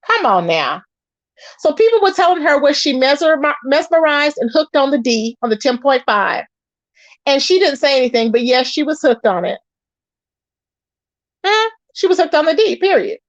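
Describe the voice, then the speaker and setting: Host: woman, high voice, gossip commentary, dry close sound, dull audio. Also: normal speed, long pauses, no room sound. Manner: animated, chatty, reacts to live chat.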